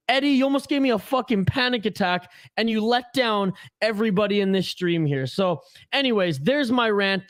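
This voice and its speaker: Animated man ranting on a live stream. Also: very high-pitched, no room sound, studio quality. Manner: animated, ranting, chatty with viewers. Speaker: hockey watch-along streamer. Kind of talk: casual live-stream chat and game commentary.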